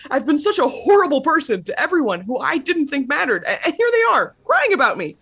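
A woman's voice: high-pitched, sing-song, a little fast, fairly bright tone, full character voice. A woman voicing a bitter, self-loathing young male writer in an audio drama, anguished, her voice climbing and breaking.

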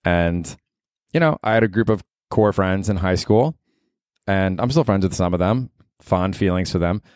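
A man with a lowish voice rambles through a casual comedy podcast monologue, swearing freely as he goes. His voice is recorded close and dry. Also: normal speed, darkish tone, clean tone, no echo. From Tampa area, Florida.

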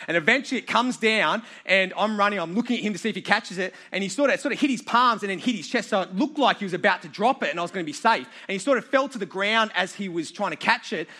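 A man's voice: sits high, bright, forceful tone. An Australian man preaching to a live audience, telling a funny childhood story with self-mocking humour.

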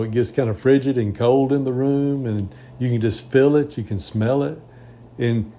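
A man's voice: mid-range voice, gravelly, warm tone. A man in his sixties giving an earnest, rambling reflective monologue with frequent restarts. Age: 60s.

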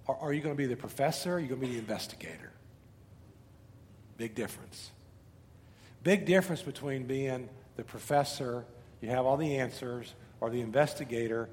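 A middle-aged man preaching a sermon as pastor, telling animated stories and asking rhetorical questions, often repeating words. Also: mid-range voice. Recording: reverberant hall with faint noise.

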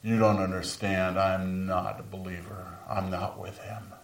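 A man playing Peter, deep and grieving. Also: flat delivery, a little slow. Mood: remorseful. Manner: earnest, dropping to whispers at moments of grief. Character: remorseful apostle Peter recalling his denial. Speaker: dramatic monologue performer. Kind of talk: first-person dramatic monologue. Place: large room with a live audience. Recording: roomy sound from a distant mic.

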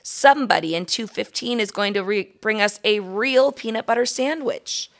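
A woman's voice: medium pitch, normal speed, pitched above the performer's own voice, close to an everyday voice. A woman voicing a curious, adventurous young male mouse who talks eagerly in a storybook reading. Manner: eager, excited.

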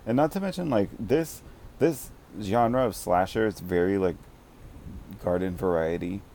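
A man co-hosting a casual film chat, talking haltingly and searching for words with many fillers. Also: on the low side, dark tone, slight background noise. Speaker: podcast co-host reviewing a film.

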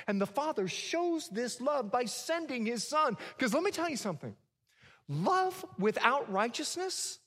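A man preaching a sermon to a congregation, swinging from hushed lines to loud ones and slipping in humorous asides. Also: high voice, slightly rough, big-room sound. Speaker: pastor.

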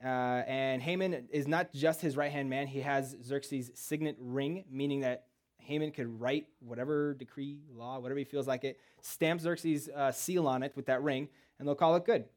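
A man preaching in a church, retelling a Bible story in a casual, joking way with rhetorical questions and quick asides. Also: mid-range voice, fairly even intonation.

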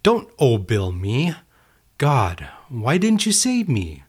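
A man's voice: a little high, sing-song, normal speed, pitched above the performer's own voice. A man voicing a stubborn man who insists on waiting in a flood and brushes off every offer of help. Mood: indignant. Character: stubborn adult man refusing rescue in a flood.

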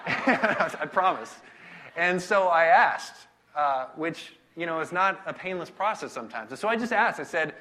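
A man giving a casual sermon, telling self-deprecating personal stories in a conversational, animated way. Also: a little high, moderate pace. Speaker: pastor.

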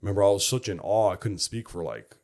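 Man, young adult, lowish voice, earnest, reflective, halting, personal faith testimony. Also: a little mellow. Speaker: former football player giving his testimony.

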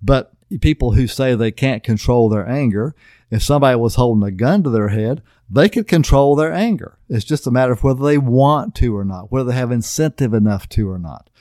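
A man's voice: medium pitch, mellow, no room sound, clean studio sound. A middle-aged man preaching a casual marriage sermon, folksy and plain-spoken, often checking in with "okay?". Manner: folksy, repeatedly asks "okay?". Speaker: pastor.

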